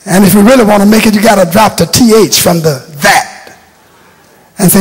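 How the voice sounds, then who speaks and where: A man's voice: sits high, normal speed, breathy edge, in a large hall. An older man preaching a sermon, telling stories emphatically and repeating phrases for effect, in a church sanctuary. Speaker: bishop preaching.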